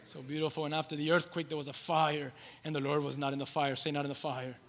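A male pastor preaching a sermon, shifting between loud emphatic lines and soft, low storytelling, with halting restarts and repeated phrases. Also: little pitch movement. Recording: long hall reverb.

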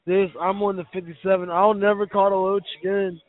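A drunk man calling in, whining and cursing loudly about being wronged. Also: sits high, flat delivery, a little fast. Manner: slurred, self-pitying, cursing and shouting. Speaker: caller. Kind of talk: angry phone rant. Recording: tinny phone line.

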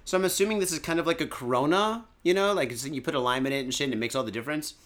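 A man's voice: on the high side, very fast, a bit bright. A man from Michigan hosting a podcast, chatting loosely and cursing a lot while day drinking. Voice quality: profane, loose and jokey, lots of fillers. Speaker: podcast host. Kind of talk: casual rambling podcast chat.

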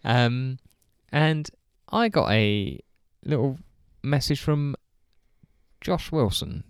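Man, podcast co-host, smooth clear voice, dry close sound, casual chat. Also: medium pitch, lively intonation, very slow, no echo.

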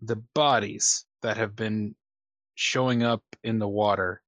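A man narrating as game master of a tabletop game, unhurried, with many fillers and casual swearing. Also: lowish voice, fairly even intonation, a bit bright, dry recording.

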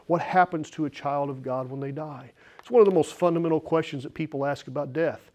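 A man's voice: a little high, brisk, dull audio. A man preaching a sermon, reading scripture and slipping into candid, joking asides. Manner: conversational preaching with self-deprecating asides and laughs; reads scripture aloud, rising animated at personal points. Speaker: pastor.

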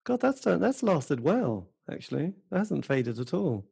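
A man from the United Kingdom interviewing a guest, relaxed and prompting with short questions and affirmations. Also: a little high, a little slow, creaky, husky. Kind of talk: casual interview.

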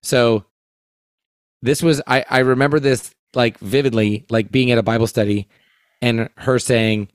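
A man co-hosting a podcast, telling a story in casual chat, halting and full of fillers. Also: mid-range voice, steady tone, clear, resonant tone, no echo. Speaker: podcast co-host.

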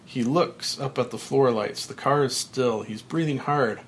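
A man hosting a podcast, reading a screenplay's stage directions aloud in a plain, even way with small slips. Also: mid-range voice, unhurried, slight background noise. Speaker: podcast host.

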